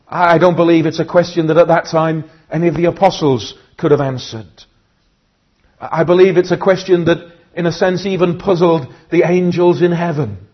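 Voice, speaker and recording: A preacher delivering an earnest sermon to a congregation. He often says "uh" and repeats words, then slows and softens as he reads scripture aloud. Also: on the high side, dull audio. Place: church.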